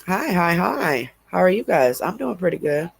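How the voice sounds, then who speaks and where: A man's voice: high voice, big pitch swings, normal speed, vocal fry, slightly rough, dry recording. A man hosting a casual livestream, stuffy and sniffling from allergies, rambling and drawling with laughs between remarks. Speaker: livestream host.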